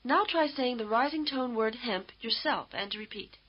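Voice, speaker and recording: Higher woman narrating old course audio. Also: lively intonation, breathy edge, highs cut off. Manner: measured, explanatory. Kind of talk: scripted instructional narration.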